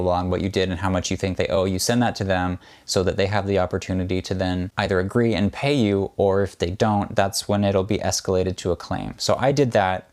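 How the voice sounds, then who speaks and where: A young man talks straight to his camera, recounting a frustrating run-in with growing exasperation. His voice sits on the low side, and he slips into quick, acted-out quotes of what each person said. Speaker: vlogger. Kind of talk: storytime vlog.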